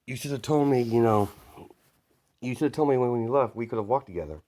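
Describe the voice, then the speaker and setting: An eager teenage girl chides her boyfriend in a raised, quick voice, as a man puts her on. She sounds affectionate and lively. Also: medium pitch, pitched above the performer's own voice, close to an everyday voice. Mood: chiding. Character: cheerful teen girl, affectionate girlfriend.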